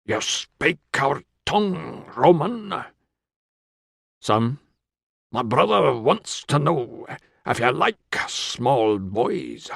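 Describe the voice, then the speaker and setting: Give me a man playing a gruff, menacing tribal fur trader who talks slowly. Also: medium pitch, sing-song, a bit bright, no echo, studio quality, full character voice.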